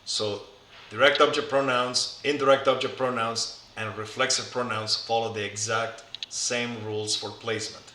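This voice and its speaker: This middle-aged man teaches Spanish in a recorded classroom lecture, carefully laying out each form in turn with patience. His voice is medium-pitched, pushed and bright, with little pitch movement and a moderate pace, recorded in an echoey room with faint background noise.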